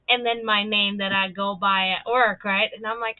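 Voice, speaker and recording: A woman's voice: medium pitch, level tone, moderate pace, dry recording. A woman hosting a casual livestream, chatting and telling stories, swearing freely and laughing often. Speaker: livestream host. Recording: dry, tinny phone-like sound.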